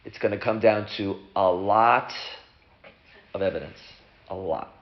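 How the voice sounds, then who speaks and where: A man, a rabbi, casually teaching a class and acting out the people in his story. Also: a little slow. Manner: animated, acts out characters with big pitch jumps. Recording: dull lo-fi room recording.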